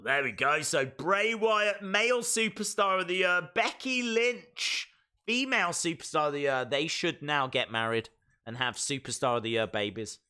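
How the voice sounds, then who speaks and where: A man talks casually into a desk mic on his live stream. His voice sits high and swings widely in pitch, with a bright, forceful edge. He sounds chatty and excitable, thinking out loud to his viewers. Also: normal speed, clean tone. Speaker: live stream reaction host.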